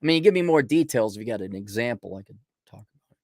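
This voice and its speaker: Man, livestream host, blunt, sarcastic, animated pitch, dry mic. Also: fast talker, dry recording. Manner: blunt, sarcastic, mocking asides. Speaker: podcast host reading viewer donations. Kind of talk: casual livestream chat.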